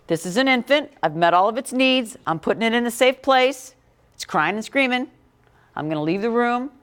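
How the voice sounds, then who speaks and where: A woman's voice: a little high, animated, moderate pace, fairly bright tone, clean tone. A middle-aged woman teaching a classroom about infant care, talking directly and quizzing her students. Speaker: parenting educator. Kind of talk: classroom talk.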